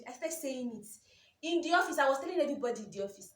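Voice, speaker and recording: Animated Nigerian woman in an echoey room. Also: high-pitched, very fast, a little hiss or hum. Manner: emotional, animated storytelling with repeated phrases. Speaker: vlogger. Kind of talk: personal storytelling vlog.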